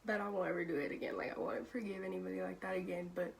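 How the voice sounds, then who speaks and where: A woman's voice: fairly low pitch, fairly even intonation, rapid-fire, gravelly, a little hiss or hum. A young woman telling a storytime vlog in a casual, profane way, laughing often and filling her talk with "like". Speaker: vlogger.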